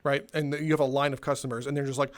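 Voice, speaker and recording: A young man telling a sarcastic, exasperated, swear-filled comedic rant as he walks around. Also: medium pitch. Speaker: comedic storyteller. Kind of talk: profane comedic rant, walking tour.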